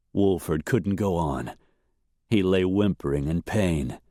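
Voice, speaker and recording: A man reads a western novel aloud at a very slow, steady pace. His voice sits fairly low, and the dramatic narration is recorded dry and close. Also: no room sound. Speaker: audiobook narrator.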